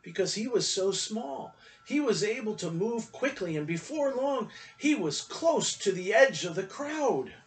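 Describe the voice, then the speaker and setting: Church storyteller, a man reading a children's story with expression. High voice, picked up from a distance. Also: lively intonation, measured pace, few pauses, faint music behind.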